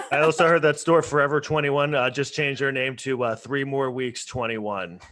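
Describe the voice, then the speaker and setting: A man doing a stand-up set over a video call, with a halting delivery full of ums and restarts. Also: mid-range voice, a bit bright. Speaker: stand-up comedian. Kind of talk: stand-up set on an online live show.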